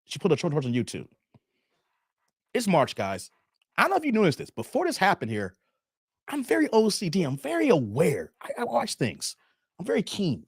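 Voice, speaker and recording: A man hosting a livestream, with a high voice that swoops up and down all the time. He talks in an emphatic, rambling way, full of slang and repeated phrases. The sound is dry and close. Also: slightly rough, no echo. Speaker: YouTube commentary host. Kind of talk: livestream commentary with donation shout-outs.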